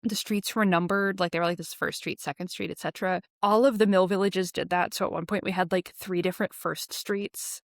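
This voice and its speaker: A young adult woman from Alabama hosting a podcast, talking chattily with lots of fillers and lively asides. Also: on the low side, fairly quick, gravelly, hardly any pauses, no room sound, studio quality. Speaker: podcast host. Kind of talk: casual conversation.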